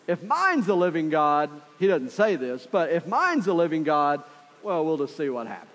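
A man's voice: fairly high pitch, sing-song, moderate pace, fairly bright tone. A man preaching a sermon in a conversational, storytelling way. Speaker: pastor. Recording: long hall reverb.

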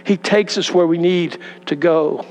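A middle-aged pastor preaches in a conversational, storytelling way, often turning to the congregation with questions. His voice sits high for a man, and a long reverb hangs behind it in a big church. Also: steady tone, a little slow, darkish tone, slight background noise. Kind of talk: sermon. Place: church sanctuary.

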